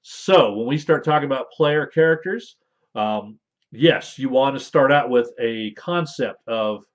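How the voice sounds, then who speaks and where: A man's voice: mid-range voice, expressive, a little slow. A man in casual talk explaining rules for a tabletop game, rambling with fillers and playful asides. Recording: dull lo-fi audio.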